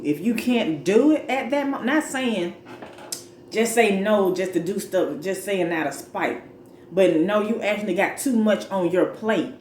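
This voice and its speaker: A woman talking casually about self-care during a mukbang, repeating her points and laughing between lines. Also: medium pitch. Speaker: mukbang vlogger. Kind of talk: casual advice talk while eating. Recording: echoey room with faint noise.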